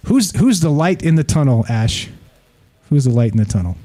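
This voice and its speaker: Male live-show host, loose and profane, mid-pitched mellow voice, talks in restarts. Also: very animated, normal speed. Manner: rambling, profane, frequent restarts. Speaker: podcast host reading listener comments. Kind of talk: casual live-show chat.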